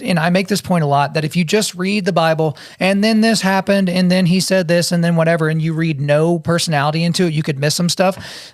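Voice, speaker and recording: A man from Oklahoma hosting a Bible discussion podcast, his voice gravelly with a touch of fry and pitched a little high. He tells stories with energy and acts out the lines he quotes. The sound is close and dry. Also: no echo. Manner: animated storyteller, acts out quotes. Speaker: podcast host.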